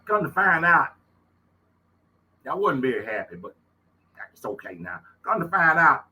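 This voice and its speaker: Husky, bright-voiced Louisiana country man. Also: a little high, big pitch swings, measured pace, rough recording. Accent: Southern US, Louisiana. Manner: folksy, emphatic, repeats phrases. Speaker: host. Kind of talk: casual storytelling monologue.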